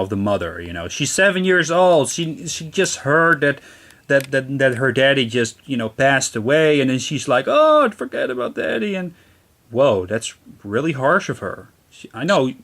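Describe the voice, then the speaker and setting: A man's voice: medium pitch, a bit bright. A man giving casual, rambling let's-play commentary, often apologizing and restarting his sentences, recorded on a camera mic aimed at a handheld console screen. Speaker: gaming channel host. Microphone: camera mic filming a handheld console screen. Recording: game music playing behind the voice.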